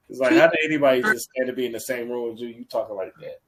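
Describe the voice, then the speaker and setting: A man's voice: mid-range voice, fairly even intonation, fast talker, slight background noise, low-quality recording. A man co-hosting a casual podcast, stammering, laughing and ranting in disbelief. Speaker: podcast co-host. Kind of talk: casual chat.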